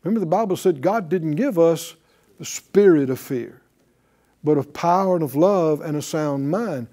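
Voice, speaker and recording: A man preaching to a class, animated, asking them questions and acting out quotes. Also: a little high, normal speed. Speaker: bible teacher.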